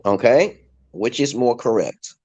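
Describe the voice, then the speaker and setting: A man's voice: medium pitch, animated, a little mellow, breathy edge, dull audio. Patient New York man teaching English. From Brooklyn, New York, USA. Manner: patient, repetitive, drawn-out explanations. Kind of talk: casual live-stream English tutoring.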